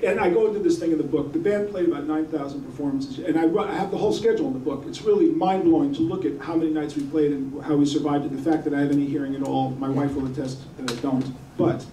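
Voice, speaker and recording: A man telling a lively anecdote on stage, acting out the voices of the people in his story. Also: fairly high pitch, fast talker, hardly any pauses, a little hiss or hum. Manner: acts out voices in his stories, laughing. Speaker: guest storyteller, rock guitarist. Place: arts center hall with audience. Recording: echoey hall, distant mic, crowd.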